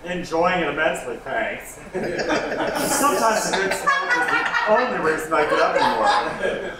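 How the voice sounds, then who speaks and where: Man as a sarcastic campy smoker, animated pitch, staged reading, far off, very echoey. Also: unhurried. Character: sardonic man who smokes on his break. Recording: very echoey room, mic far, noisy.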